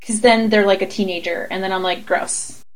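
A woman with a Canadian accent, co-hosting a casual chat, giggly and animated, often slipping into mock voices. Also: mid-range voice, quick pace, low-quality recording. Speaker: podcast co-host.

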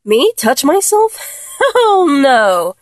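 A woman's voice: sits high, sing-song, very slow, no room sound. A young woman performing a playful one-sided phone role-play, teasing and giggling as she talks to an unheard listener.

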